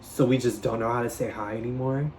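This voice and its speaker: A man voicing an evasive young boyfriend, in a flat, slightly lowered voice. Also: a little fast, slight background noise, close to an everyday voice, low-quality recording. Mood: snippy.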